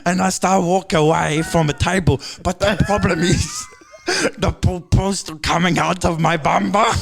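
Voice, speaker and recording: A man's voice: high-pitched, normal speed, creaky, faint music behind. A man voicing a naive, chatty male greyhound who speaks in broken, childlike English. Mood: naive storytelling.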